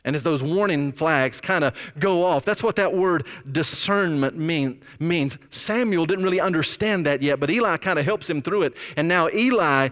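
A male pastor preaching a sermon in a conversational, animated storytelling way, with scripture readings. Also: on the high side, moderate pace, hardly any pauses, long reverb tail.

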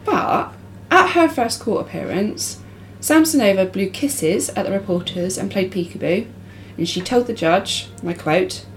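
A woman's voice: medium pitch, animated, a little slow, few pauses, slight background noise, rough recording. A woman hosting a casual podcast, reading case details and then chatting loosely with her co-host. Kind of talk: casual true-crime chat.

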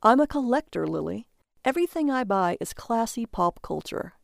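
A woman's voice: fairly high pitch, big pitch swings, moderate pace, vocal fry, no echo, studio quality. A woman voicing a dim, eager husband who collects junk, earnest and defensive.

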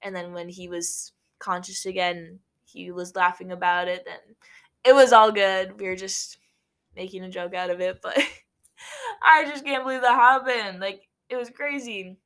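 Young woman from Nebraska, casual vlog storyteller, giggly, filler-heavy, mid-pitched voice. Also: a little slow, a bit bright. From Nebraska, USA. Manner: chatty, laughs often, many "like" fillers. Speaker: vlogger.

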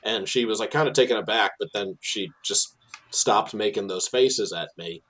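Man, New Jersey accent, very low voice, rambling storyteller, tour guide. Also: moderate pace, fairly bright tone. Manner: storytelling, frequent fillers and restarts. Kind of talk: casual interview talk.

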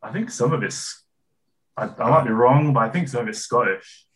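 A man's voice: mid-range voice, normal speed. A young English man with a West Country accent, chatting casually and often trailing off and restarting. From England. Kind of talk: casual chat.

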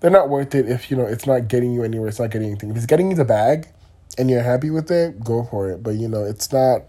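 A young man talks alone on his podcast, drifting from thought to thought in a loose, candid ramble. His voice is warm and a little breathy. He swears offhandedly as he goes. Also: mid-range voice, expressive, fast talker. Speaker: podcast host. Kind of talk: solo podcast monologue.

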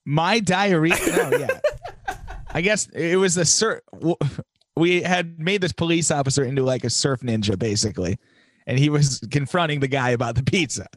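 A man chatting casually on a podcast, easygoing and relaxed as he reacts and tells a short school story. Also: on the high side, normal speed, no echo. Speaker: podcast co-host. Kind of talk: casual chat.

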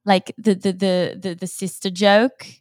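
A woman's voice: mid-range voice, level tone, measured pace, darkish tone, no room sound. A young woman co-hosting a casual chat podcast, blunt and teasing, swearing freely as she jokes with her friend. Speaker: podcast co-host.

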